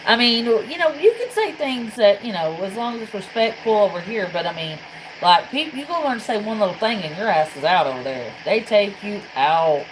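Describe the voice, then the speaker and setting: A woman's voice: medium pitch, expressive, fairly quick, noisy background. A woman from Tennessee with a Southern accent, chatting bluntly and casually to her livestream viewers and swearing freely. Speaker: livestream host.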